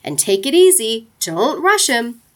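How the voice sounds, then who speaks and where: A woman reading the lines of a calm middle-aged farmer in a storybook, steady and coaxing. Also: a little high, a little slow.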